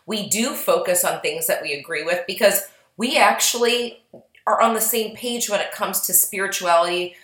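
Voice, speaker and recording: A woman's voice: mid-range voice, moderate pace, fairly bright tone, echoey room, low-quality recording. A woman co-hosting a casual podcast, chatty and reflective, her voice slightly worn. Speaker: podcast co-host, psychic medium.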